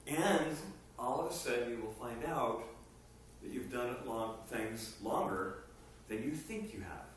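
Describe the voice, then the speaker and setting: A man preaching a sermon, animated and rising to emphatic bursts. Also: mid-range voice, measured pace. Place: meeting hall. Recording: echoey room from far off with faint noise.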